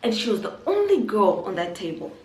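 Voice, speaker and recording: A young woman from Zimbabwe telling a personal story on her vlog, animated and acting out what people said. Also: mid-range voice, fairly quick. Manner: animated storytelling, acts out quotes. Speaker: YouTuber. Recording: echoey room, faint noise.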